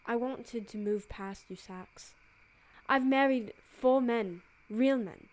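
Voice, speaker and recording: A woman's voice: on the high side, takes it slowly. A woman voicing a tough, adventurous ex-partner who speaks bitterly and cuttingly, in an amateur fan dub.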